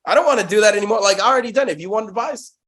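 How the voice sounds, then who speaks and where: A man's voice: high voice, racing, fairly bright tone. A young man telling sales stories in a casual interview, profane and hyped, saying "bro" constantly. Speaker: guest, sales company founder.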